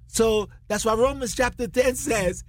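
A radio co-host teaching from the Bible in a lively, laughing way, using non-standard English grammar. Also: mid-range voice, measured pace. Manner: animated, laughs often, retells scripture dramatically.

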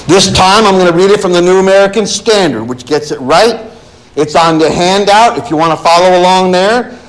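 A man's voice: sits high, brisk, rough recording. A male pastor preaching a sermon in church, firing rhetorical questions at his congregation and reading scripture aloud.

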